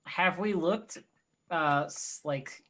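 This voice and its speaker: A woman's voice: low-pitched, slow pace, fairly bright tone. A woman playing a tabletop game, musing aloud and speaking for her character. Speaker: player. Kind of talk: tabletop role-play.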